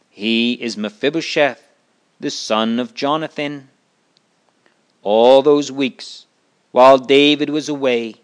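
A man tells a Bible story at an unhurried, deliberate pace. His voice is smooth and clear, and he breaks off now and then to judge the characters with earnest moral asides. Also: medium pitch.

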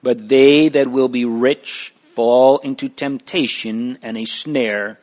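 A man narrating a storybook in a measured, deliberate reading. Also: medium pitch, fairly even intonation, darkish tone.

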